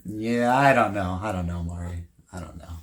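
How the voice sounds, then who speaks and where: A man's voice: low-pitched, normal speed. A man co-hosting a casual book discussion, retelling scenes in a loose, conversational way that often trails off. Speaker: podcast co-host.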